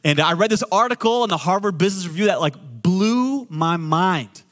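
A middle-aged man, a pastor, preaching a sermon with joking asides, swinging between loud and quiet. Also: high-pitched, lively intonation, moderate pace.

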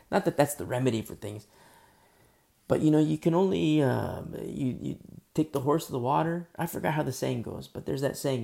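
A man preaches in an easygoing, conversational way, leaning on fillers and often sinking to a quiet murmur. His voice is heavily gravelly with a lot of fry and a dark, mellow tone. It sounds like a casual church message. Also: mid-range voice. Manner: informal, many fillers, drops to soft murmurs. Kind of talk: conversational sermon.

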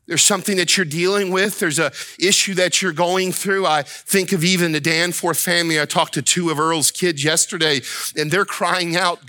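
A man's voice: fairly high pitch, fairly even intonation, moderate pace, pushed and bright, no echo. A man preaching a sermon as a pastor, impassioned, repeating himself and rising to pleading cries. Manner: repeats words and restarts when worked up.

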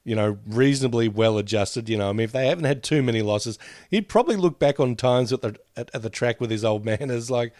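Aussie bloke rambling on a podcast, lots of laughing, super dry close sound. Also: male voice, medium pitch, expressive, quick pace, darkish tone, no room sound. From Australia. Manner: meandering, reminiscing, laughs often. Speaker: podcast co-host. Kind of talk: casual chat.

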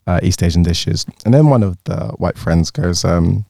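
A man's voice: moderate pace, creaky, no echo, clean studio sound. A young man co-hosting a casual podcast, telling funny stories and laughing often. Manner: animated storyteller, laughs often, jumps high into quoted voices. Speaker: podcast co-host. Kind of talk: casual chat, storytelling.

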